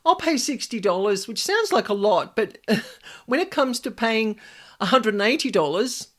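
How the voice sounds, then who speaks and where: At a normal speed and with a slightly high, expressive voice, an Australian woman shares a chatty anecdote on her solo podcast. She's a paranormal specialist and host who acts out the voices in her head.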